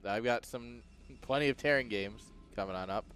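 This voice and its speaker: A man casting a strategy game match in a relaxed, jokey play-by-play style, chuckling often. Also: medium pitch, normal speed, clean tone, soft background music. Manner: laid-back, chuckling, jokey. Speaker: esports caster. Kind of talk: casual play-by-play commentary.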